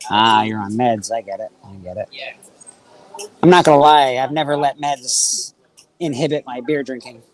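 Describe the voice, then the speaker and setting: A man's voice: mid-range voice, normal speed, rough recording. A man hosting a casual livestream, chatting loosely and reading out questions from the chat. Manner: laid-back, chatty, reads out chat questions. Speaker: host.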